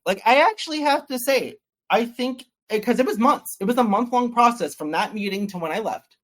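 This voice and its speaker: Man telling a story with animated, acted-out quotes. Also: high voice. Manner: animated, quoting others in acted voices. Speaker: interview guest. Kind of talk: casual storytelling.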